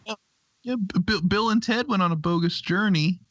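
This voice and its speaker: A man's voice: high-pitched, normal speed, fairly bright tone, dry recording. Hesitant man on dull, dry audio. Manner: hesitant, stammers and restarts often. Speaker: co-host of a paranormal livestream. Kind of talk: casual livestream chat.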